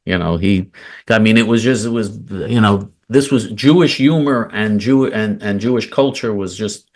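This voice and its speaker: A man with a fairly low voice hosts a relaxed conversation. He rambles, circles back often and fills pauses with filler words. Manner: rambling, many fillers and restarts. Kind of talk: casual chat.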